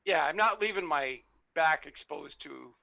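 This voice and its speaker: A man playing a tabletop game and chatting with the group. His voice is gravelly, with a bright, forward edge. He cracks dry jokes in a casual way. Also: on the high side, lively intonation, a little slow, highs cut off. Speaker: player.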